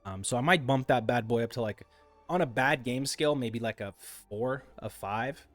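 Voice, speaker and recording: A man's voice: mid-range voice, moderate pace, soft background music. Exasperated young man ranting about games. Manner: exasperated, rambling, animated rants. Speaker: gaming video creator. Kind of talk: casual game review monologue.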